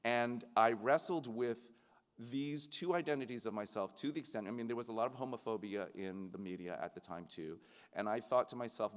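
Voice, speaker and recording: A middle-aged man gives a commencement speech in an earnest, reflective way, at a middle pitch. His voice carries a long reverb from a large venue and reaches the podium mic. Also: a little fast. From United States. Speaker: commencement speaker, actor.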